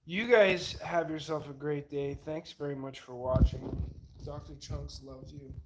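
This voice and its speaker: A man's voice: fairly high pitch, steady tone, measured pace, very noisy. A man vlogging casually to camera at home, rambling and eating while he talks. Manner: rambling, eats while talking.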